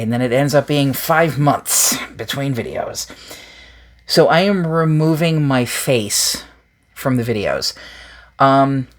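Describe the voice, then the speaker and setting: A woman hosting a paranormal channel, chatting casually and candidly with viewers in a rambling, self-deprecating way. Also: very deep voice. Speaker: paranormal YouTube channel host. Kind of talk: casual direct-to-viewer chat.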